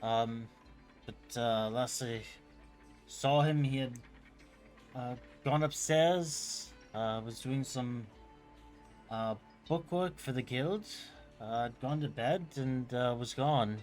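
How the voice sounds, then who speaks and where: A man's voice: mid-range voice, darkish tone, soft background music, natural voice. A man voicing a weary old shopkeeper woman. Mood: worried. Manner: hesitant, halting with many fillers. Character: elderly woman shopkeeper, worried, weary, plain-spoken.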